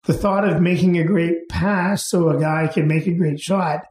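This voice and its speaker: A middle-aged man, an interview guest, telling anecdotes in an unhurried way and chuckling as he goes. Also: a little high, fairly even intonation, darkish tone, echoey room. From Canada. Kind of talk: casual storytelling.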